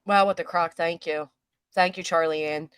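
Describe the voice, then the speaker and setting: A woman's voice: fairly low pitch, fairly even intonation, normal speed, clean tone, no room sound. A woman hosting a casual live stream, talking in a brash, profane, mocking way. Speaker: host.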